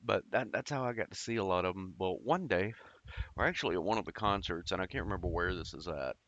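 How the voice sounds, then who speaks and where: A man's voice: sits low, fast talker, a bit bright, dull audio. A man casually telling a personal story, rambling and profane, with lots of fillers and restarts.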